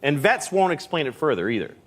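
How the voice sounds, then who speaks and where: A male comedian tells crude, blunt stories in a lively, swinging voice. The live recording carries a clear layer of noise. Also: fairly high pitch, fast. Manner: crude, blunt, self-mocking storytelling. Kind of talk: stand-up comedy and talk show chat.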